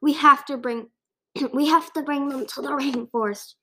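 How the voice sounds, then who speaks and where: A woman's voice: on the high side, slow, fairly bright tone. Nervous young boy dragon, earnest and urgent, read by a woman, storybook voice. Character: anxious bookish young male dragon.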